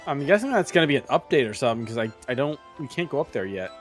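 A man chatting while playing a co-op game, hesitant, with many pauses and fillers. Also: medium pitch, big pitch swings, faint music behind. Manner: hesitant, full of "uh", dry. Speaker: game co-player. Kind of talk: casual gaming chat.

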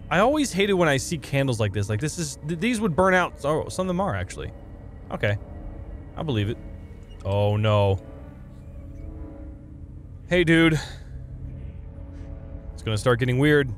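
A young man giving casual, excitable gameplay commentary, often swearing and saying dude. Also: mid-range voice, normal speed, long pauses. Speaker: let's play gamer. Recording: game music playing behind.

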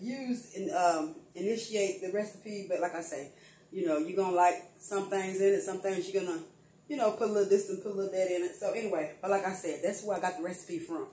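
A woman's voice: mid-range voice, a little mellow. Chatty grandmother cooking in an echoey kitchen. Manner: chatty, addresses viewers as y'all. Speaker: cooking vlogger. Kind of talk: casual home cooking vlog. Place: home kitchen. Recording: echoey room, mic at a distance.

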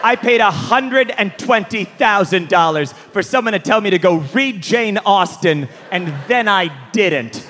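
A man doing stand-up comedy on a large theater stage, animated and incredulous, often shouting his punchlines. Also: high voice. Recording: live theater recording with crowd noise. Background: crowd laughing and applauding.

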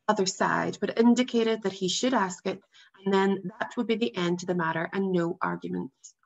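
A woman teacher reading a novel aloud to her class in a steady, expressive way. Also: mid-range voice, moderate pace, gravelly. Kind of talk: read-aloud storybook narration. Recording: dull lo-fi sound.

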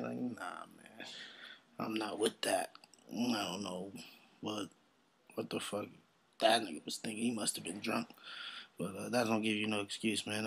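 Gravelly low-voiced man ranting. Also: fairly even intonation, normal speed, bright, forceful tone. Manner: profane, blunt and heated; mocks others in exaggerated voices. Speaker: podcast host. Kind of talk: casual solo podcast rant.

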